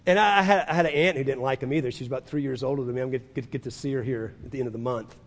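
A man preaching a sermon as pastor, emphatic, building to loud declarations and leading listeners to repeat after him. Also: medium pitch, rapid-fire. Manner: leads listeners in call-and-repeat confessions. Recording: long reverb of a large hall.

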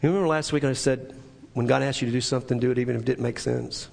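A man preaching a sermon, telling a personal story in an earnest, halting way with many restarts. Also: mid-range voice, steady tone, vocal fry. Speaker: pastor. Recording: echoey hall with long reverb.

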